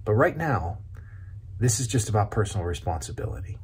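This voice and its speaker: A pastor giving a short devotional sermon to camera, earnest, stressing single words with long pauses. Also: male voice, fairly low pitch, animated, darkish tone, a little hiss or hum. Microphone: camera video.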